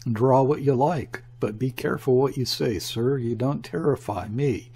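A man voicing a gruff, overbearing ship's mate who speaks curtly and defiantly, in a storybook reading. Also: mid-range voice, normal speed, mellow. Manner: curt and defiant.

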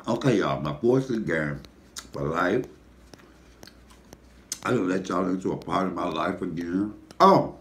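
A man with a deep voice, hosting a casual mukbang and telling animated, profane stories while he eats. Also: a little slow, vocal fry, long pauses. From Detroit, USA. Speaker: comedian and mukbang host. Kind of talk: casual storytelling while eating.

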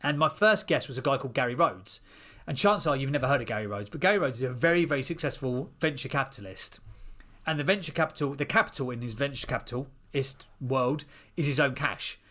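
A man in his thirties, a podcast guest, telling an animated story and acting out the voices of people in it. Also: medium pitch, fast talker.

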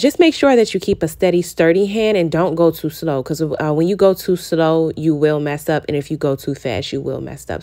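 Her voice sitting low, a woman narrates a baking tutorial in an easygoing, chatty way. She speaks straight to the people watching and gets excited.

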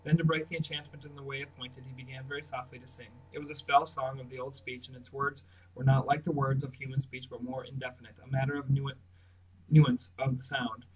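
A man reading a novel aloud in a steady, measured storybook narration. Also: mid-range voice, husky, far from the mic, low-quality recording. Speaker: audiobook reader.

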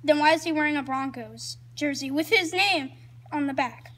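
A woman's voice: sits high, moderate pace, fairly bright tone. A woman voicing a grumpy, sarcastic male dinosaur who answers everything dryly. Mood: skeptical. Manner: dry, sarcastic.

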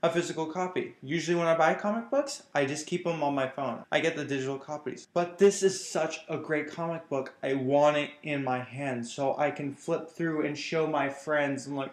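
A man's voice: on the high side, lively intonation, moderate pace, roomy sound. Enthusiastic, rambling male reviewer. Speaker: comic book reviewer. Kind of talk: casual vlog review.

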